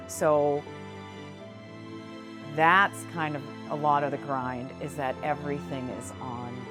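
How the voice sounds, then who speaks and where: A low-voiced woman talks about her business in a relaxed interview. Her speech is frank and animated, scattered with casual fillers, and faint music plays underneath. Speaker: business owner, interview guest.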